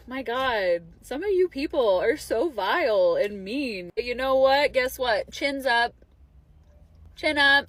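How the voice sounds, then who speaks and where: A woman's voice: sits high, expressive, slow, fairly bright tone, slight background noise. A woman speaking straight to her viewers, emphatic and reassuring. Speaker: widow sharing her experience. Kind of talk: direct-to-camera talk.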